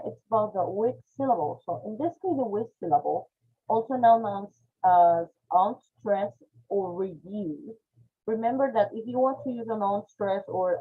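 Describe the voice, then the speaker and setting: A woman's voice: mid-range voice, husky. A woman with a Spanish accent, a native Spanish speaker, teaching English phonetics in an online class, checking in with frequent "okay?" questions. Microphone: video call. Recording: tinny video-call audio.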